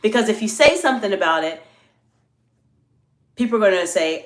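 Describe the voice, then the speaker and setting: Woman coaching with a polite, animated tone. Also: medium pitch, a little fast, pauses often. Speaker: executive communication coach. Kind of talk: live-streamed coaching talk. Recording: roomy echo.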